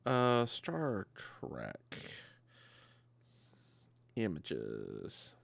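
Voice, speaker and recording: Sassy Southern podcast host, lively voice. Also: male voice, low-pitched, drawn-out words, vocal fry, no echo. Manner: sassy and playful, calls his co-host girl. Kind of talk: casual chat about a TV episode.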